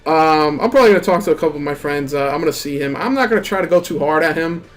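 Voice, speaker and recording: Young male streamer, casual rambling rant, higher-pitched voice, swears a lot. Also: racing. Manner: animated, rambling, heavy swearing and filler words. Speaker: gaming streamer.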